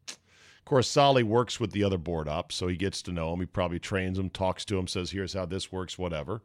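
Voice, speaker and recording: A man hosting a sports talk show, delivering a blunt, sarcastic monologue and mocking people with quick put-on quotes. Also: sits low, no room sound, clean studio sound.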